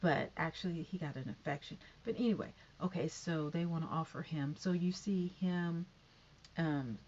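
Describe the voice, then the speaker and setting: A woman's voice: low voice, normal speed, a little mellow, highs cut off, a little hiss or hum. A woman casually recapping a TV episode, rambling with lots of fillers and tangents.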